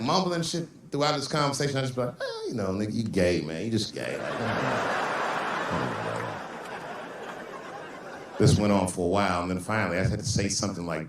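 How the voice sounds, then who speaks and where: A man doing a stand-up routine on stage, telling profane stories and mimicking the people in them. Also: mid-range voice. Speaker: stand-up comedian. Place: stage in a large venue. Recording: echoey hall from far off, faint noise.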